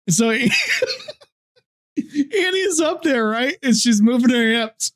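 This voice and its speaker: A man's voice: sits high, big pitch swings, measured pace. A man co-hosting a casual gaming podcast, swearing and laughing as he tells teasing stories. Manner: crude, laughs often, teasing storyteller. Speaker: podcast co-host.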